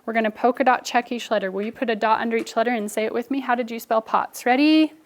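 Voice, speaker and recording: This young adult woman's voice is on the high side, with a steady tone and a quick pace. She teaches phonics to children in a classroom, coaching them along and tossing asides to fellow teachers while the class can be heard around her.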